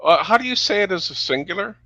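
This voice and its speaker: A man with a bright, tense tone and lively pitch chimes into a casual online chat with short, wry remarks. His audio sounds muffled and dry, with no room echo. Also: fast. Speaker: chat participant.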